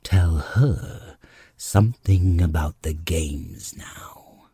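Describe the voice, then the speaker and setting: Gruff storybook beast with a low, whispery, abrupt voice, as a man voices it. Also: animated, slow, mellow, no echo, clean studio sound, full character voice. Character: gruff bossy winged beast, male.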